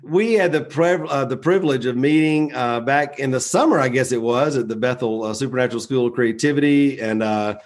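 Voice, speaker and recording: A man's voice: mid-range voice, fairly quick, hardly any pauses. A man with a Southern US accent hosting a podcast in a friendly, chatty way, with many fillers. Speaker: podcast host. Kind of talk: casual podcast interview.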